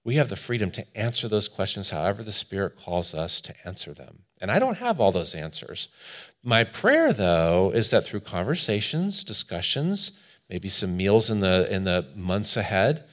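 Pastor, male, low-ish voice, earnest storytelling sermon delivery.

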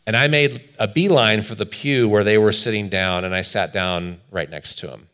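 A man's voice: fairly low pitch, normal speed, fairly bright tone. A man preaching a sermon as pastor, telling a story in an earnest manner with quoted voices.

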